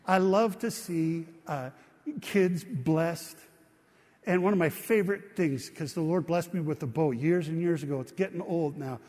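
A middle-aged pastor delivers a sermon in an easy, storytelling way, often turning to his listeners with questions. His voice sits somewhat high for a man. The sound rings with the long reverb of a church hall. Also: darkish tone. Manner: conversational storytelling preacher, asks the congregation questions. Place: church sanctuary.

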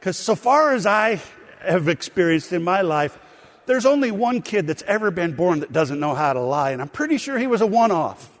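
A pastor whose voice sits a little high for a man preaches in a church sanctuary, weaving stories together with quick, animated asides to his congregation. A long reverb from the hall trails after his words.

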